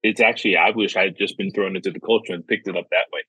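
Husky-voiced American man hosting. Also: low-pitched, steady tone, very fast, sharp tone, dry recording, highs cut off. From United States. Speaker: podcast host. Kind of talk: casual travel podcast chat.

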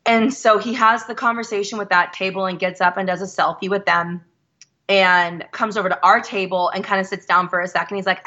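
Woman in her 30s chatting, acts out the quotes, bright tone, kinda muffled audio. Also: medium pitch, a little fast. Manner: animated, quotes people in her stories. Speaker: guest. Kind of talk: casual storytelling.

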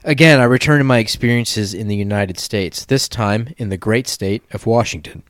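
A man's voice: fairly low pitch, normal speed, fairly bright tone, dry recording, studio quality. A man hosting a casual podcast, reading a listener's story aloud with laughing, crude asides.

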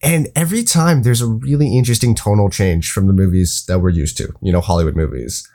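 A man with a low voice co-hosting a casual movie podcast. He thinks aloud in long, meandering sentences, often restarting and pausing on fillers. He sounds relaxed and conversational. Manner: rambling, hesitant, many "um"s and restarts. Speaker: podcast co-host.

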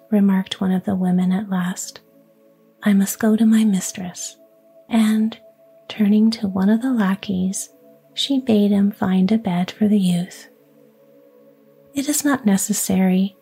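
Woman storyteller, whispered fairy-tale reading, very slow, dark, breathy. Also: mid-range voice. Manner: soft, even, unhurried whisper.

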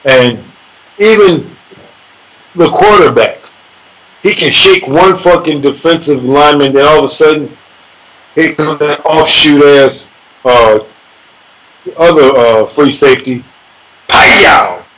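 Profane, boastful man with a higher voice. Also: a little slow, pauses often, fairly bright tone, poor audio. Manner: profane, boastful, laughs as he talks; acts out punches with sound words. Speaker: fighter telling a sparring story. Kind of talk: casual podcast storytelling.

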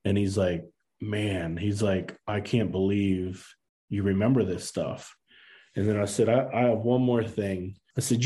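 A man's voice: on the low side, dark tone. A man in his thirties, a podcast guest, telling a personal story in earnest casual talk, acting out quoted lines and using many fillers.

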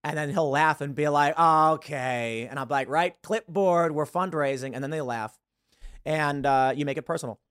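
A man's voice: a little high, a little fast, smooth, no room sound, studio quality. A man hosting a live show in a casual, rambling monologue, acting out little dialogues. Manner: animated, acts out quoted dialogue in changing voices; rambling, with frequent restarts. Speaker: podcast host.

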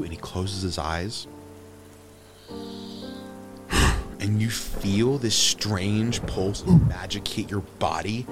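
A man running a tabletop game as game master, narrating with animated storytelling that swings between hushed and loud. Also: lowish voice.

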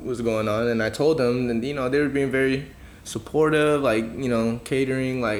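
A young man chats casually on a podcast, his voice at an ordinary middle pitch. He tells stories in a loose, slang-filled way, and faint background noise sits under him. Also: fairly even intonation, normal speed. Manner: laid-back slang-heavy storytelling. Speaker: podcast co-host. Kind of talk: casual chat.

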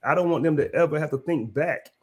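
A man's voice: fairly high pitch, fast, a little mellow, breathy edge. A man co-hosting a podcast, speaking bluntly and casually with slang. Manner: blunt, laid-back, slangy. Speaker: podcast co-host.

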